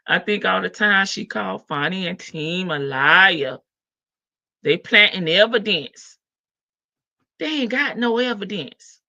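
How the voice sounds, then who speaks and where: A woman's voice: mid-range voice, expressive, slow, vocal fry, long pauses, sharp tone, no room sound. A woman with a Southern US accent hosting a casual livestream, gossiping, laughing and teasing her chat readers. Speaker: livestream host. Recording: dull lo-fi stream audio.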